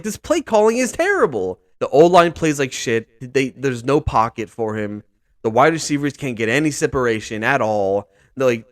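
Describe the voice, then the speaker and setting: A man's voice: fairly high pitch, no echo, clean studio sound. Profane, exasperated young man ranting. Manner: profane, exasperated, repeats himself. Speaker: sports podcast host. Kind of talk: ranting football breakdown.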